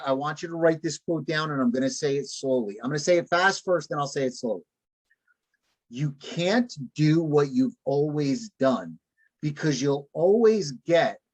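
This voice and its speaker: A man's voice: a little high, husky. A man leading a live online sales training session, repeating key points emphatically and checking in with his trainees.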